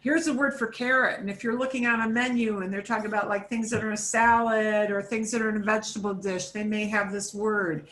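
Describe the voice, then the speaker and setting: A woman's voice: medium pitch, steady tone, brisk, hardly any pauses, fairly bright tone, reverberant. A woman teaching an online Spanish class for beginners, patiently modelling words for students to repeat.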